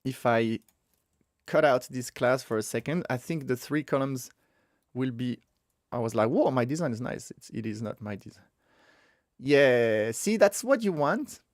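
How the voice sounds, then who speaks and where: A man's voice: medium pitch, expressive, unhurried, no room sound, studio quality. A man teaching a casual coding walkthrough, thinking aloud as he works, correcting himself and chuckling at his own mistakes. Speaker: web developer teaching a coding tutorial.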